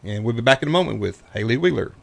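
Fast-talking male radio sports host. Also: medium pitch, lively intonation, gravelly. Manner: fast-talking, chatty, with restarts. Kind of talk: radio interview.

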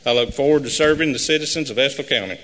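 A man running for sheriff, reading a prepared campaign speech at a live forum in an earnest, measured way. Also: medium pitch, fairly bright tone. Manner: earnest, measured, repetitive pledges. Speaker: sheriff candidate. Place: high school forum hall. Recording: live hall with long reverb.

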